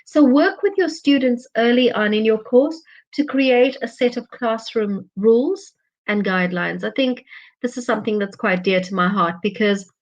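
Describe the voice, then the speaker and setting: A woman of middle pitch walks through advice for online teachers in an earnest, explanatory way. She leans on the key words, and the webinar audio sounds slightly dull and lo-fi. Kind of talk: webinar presentation. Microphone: webinar microphone.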